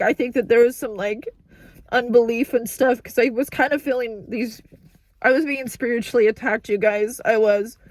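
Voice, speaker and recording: A tearful woman speaks into a phone she holds in her hand, her voice sitting a bit high. She breaks off and restarts her sentences, sounding overwhelmed as she cries. The sound is dry and close. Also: no room sound. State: tearful, crying. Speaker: vlogger. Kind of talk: emotional personal update. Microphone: phone held in hand.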